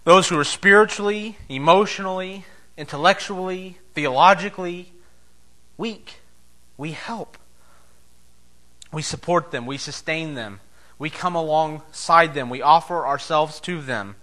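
A pastor preaches a sermon at an unhurried pace. He's emphatic, swinging between loud declarations and soft, low asides.

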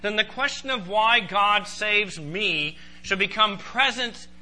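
A man preaching a sermon to a congregation, emphatic and animated. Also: high voice, slow. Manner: emphatic, rising to loud exclaiming in voiced quotes. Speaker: pastor.

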